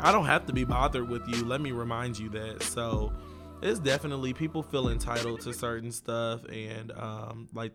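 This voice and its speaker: A man's voice: medium pitch, a bit bright. Casual young man venting to viewers. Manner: casual, meandering, filler-heavy with likes and ums. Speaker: vlogger. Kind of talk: casual vlog rant to viewers.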